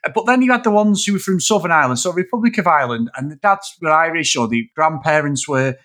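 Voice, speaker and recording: On a casual film podcast, an English co-host talks animatedly at a fairly high pitch and quick pace, swearing heavily and breaking into loud, laughing asides.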